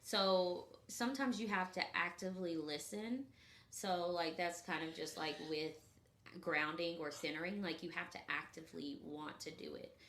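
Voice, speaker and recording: Woman with a lowish voice, rambly casual chat full of "like"s, roomy echo. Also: normal speed, slight background noise. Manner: rambling, lots of "like" and "um", drops to soft breathy asides. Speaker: podcast co-host. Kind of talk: casual chat about spiritual practice. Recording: echoey room.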